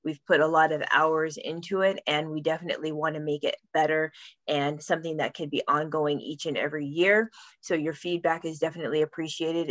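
Deep-voiced woman, dry close sound. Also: no room sound. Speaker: workshop presenter. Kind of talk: online conference session.

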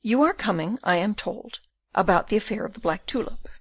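A woman's voice: mid-range voice, expressive, a little fast, slightly rough, no room sound. A woman reading an audiobook, voicing a pompous, genteel middle-aged male burgomaster who talks down to people. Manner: pompous, condescending.

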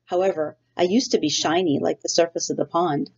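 A woman voicing a calm, literal robot mother. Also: lowish voice, gravelly, husky. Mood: patient. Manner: formal, measured, no contractions. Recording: dull lo-fi recording.

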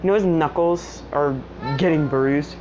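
A woman's voice: low-pitched, unhurried, darkish tone. A woman casually retelling a fan story at home, rambling with lots of filler words. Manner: rambling, filler-heavy with constant "you know". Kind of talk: casual story recap vlog. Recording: muffled lo-fi audio with household noise.

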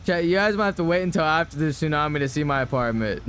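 A man's voice: on the high side, expressive, fast, fairly bright tone, a little hiss or hum. A young man streaming a game, talking casually to his chat and ranting with lots of swearing.

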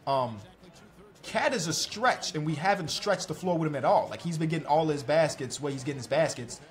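A young man talks through his basketball video game, cheering his players on and scolding himself for mistakes. His voice sits fairly high and swings widely in pitch, jumping into shouts at the big moments. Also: a little fast. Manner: excitable, talks to players on screen, self-mocking, shouts at big plays. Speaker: gaming YouTuber.

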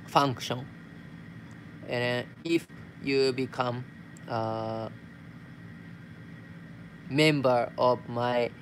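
A man's voice: mid-range voice, a little hiss or hum. A young man from Japan with a Japanese accent, chatting casually on a live stream as he reads out viewer messages and replies in simple English sprinkled with Tagalog words. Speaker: vlogger.

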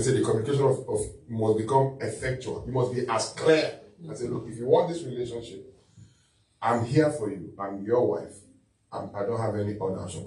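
Loud-voiced preaching man, echoey room. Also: mid-range voice. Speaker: bishop, guest on a talk show. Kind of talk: conversational teaching on marriage. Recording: echoey room, distant mic, faint music.

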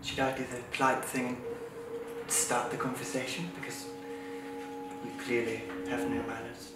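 An actor playing a snobbish, condescending upper-class nanny who talks down to everyone and calls them darling. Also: male voice, medium pitch, level tone, moderate pace, distant mic, natural voice. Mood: haughty. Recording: echoey room, off-mic, faint noise.

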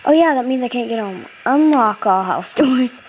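A woman's voice: on the high side, expressive, normal speed, a little hiss or hum, rough recording. A young woman casually commenting on her gameplay, chatty and giggly, easily startled, into a close computer mic. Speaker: gaming channel host.

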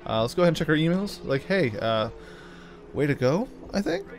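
A man's voice: fairly high pitch, animated, brisk, slight background noise. Joking let's-play man, talking back to the game. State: has the hiccups. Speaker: gaming channel host. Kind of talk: casual let's-play commentary.

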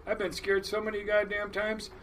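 A middle-aged crab boat captain from Washington State tells stories in a casual interview, animated, swearing freely and often restarting. His voice sits high at a normal speed, with a little hiss or hum on the recording.

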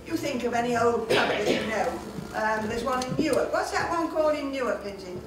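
A woman giving a chatty, joking curtain speech to a theatre audience, and reciting a sonnet slowly. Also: on the high side. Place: large theatre hall indoors. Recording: echoey hall from far off with music.

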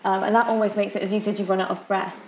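A woman's voice: medium pitch, little pitch movement, racing. Young woman, student, tentative answers, many fillers, echoey room, faint hum. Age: young adult. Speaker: student interviewee. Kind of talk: answering interview questions.

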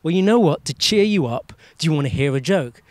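A man's voice: a little high, animated, a little fast, a little mellow, natural voice. A man voicing a friendly, matter-of-fact adult man telling his companion a joke. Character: adult man named Anatoly, cheerful friend.

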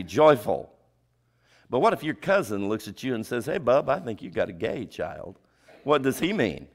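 A male preacher giving a sermon, asking the congregation rhetorical questions and dropping his voice low for emphasis. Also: fairly bright tone. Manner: drops pitch and volume for emphasis.

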